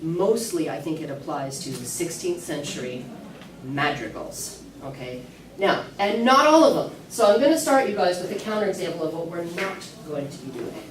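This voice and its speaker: A woman's voice: lowish voice, animated, normal speed, a little hiss or hum. A woman teaching a singing workshop to a class, chatty, with many fillers and restarts, recorded from afar in an echoey classroom. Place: classroom at an early music event. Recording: echoey room mic from far off.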